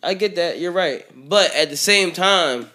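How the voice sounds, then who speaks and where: Man, casual chat, loose rambling slang, fairly high pitch, laughs a lot. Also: measured pace, sharp tone.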